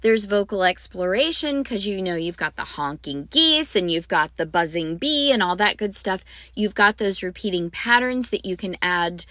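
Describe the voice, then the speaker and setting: A woman's voice: medium pitch, lively intonation, normal speed, hardly any pauses, a bit bright, no echo. A woman hosting a podcast for music teachers, talking in a bubbly, gushing way with frequent ums. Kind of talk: enthusiastic teaching talk.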